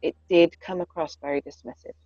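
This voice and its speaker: A woman talks frankly and earnestly in casual chat, dropping swear words without a second thought. Her voice has a gravelly edge. The recording is dry and a little dull. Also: lowish voice, fairly even intonation, fairly quick, dark tone, no echo. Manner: candid, earnest, swears freely. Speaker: podcast co-host, parent.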